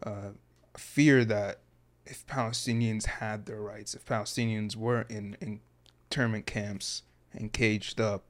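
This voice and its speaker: A man's voice: lowish voice, fairly even intonation, a little slow. A man hosting an interview podcast, asking long, hesitant questions that build in several parts. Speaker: podcast host.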